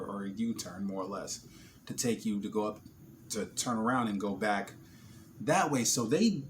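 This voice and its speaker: A man with a New Jersey accent tells an animated, profane story in a casual vlog and acts out the scenes. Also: mid-range voice, a little hiss or hum. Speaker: vlogger.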